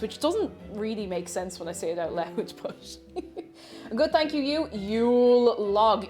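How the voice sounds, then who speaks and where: A woman chatting casually and playfully while baking on a live stream, rambling and chuckling as she goes. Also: medium pitch.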